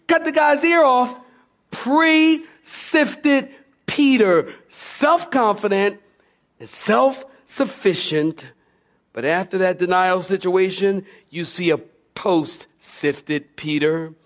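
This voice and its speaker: A male pastor preaching a sermon in a lively, playful way, acting out scenes. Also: high voice, takes it slowly.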